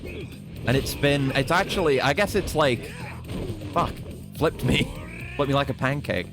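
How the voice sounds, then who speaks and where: A man's voice: mid-range voice, animated, unhurried. A British man chatting and joking loosely as he streams himself playing a game. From Britain. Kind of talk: live-stream commentary while gaming. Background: game music.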